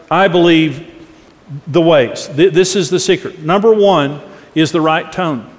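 A middle-aged man preaching a sermon on marriage, earnest and emphatic, acting out different tones of voice as examples. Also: high-pitched. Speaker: pastor teaching on marriage. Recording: long reverb of a large hall.

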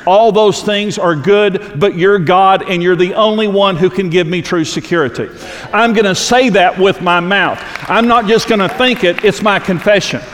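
A man's voice: high-pitched, big-room sound. A man preaching a sermon, earnest and repetitive for emphasis, reading scripture aloud to a congregation. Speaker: pastor.

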